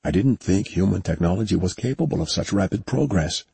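A man with a deep, husky voice playing a calm male starship commander who speaks in a steady, matter-of-fact way. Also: fairly quick, no room sound, exaggerated voice.

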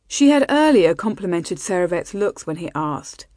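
A woman reading a romance novel aloud in a soft, intimate, measured way. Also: lowish voice, sing-song, dry recording, clean studio sound. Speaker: audiobook narrator. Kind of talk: scripted romance narration.

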